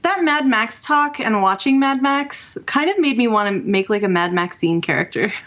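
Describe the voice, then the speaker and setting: A woman's voice: on the high side, animated, moderate pace, fairly bright tone, muffled recording. A woman co-hosting a casual gaming podcast, chatty and enthusiastic as she talks through fan submissions over a remote call. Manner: chatty, enthusiastic, laughs easily. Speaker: podcast co-host. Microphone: remote call mic.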